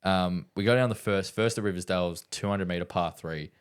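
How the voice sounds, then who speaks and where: A man's voice: deep voice, normal speed, clean tone. A young Australian man, a podcast host, telling stories in casual chat. He laughs through his lines and swears freely.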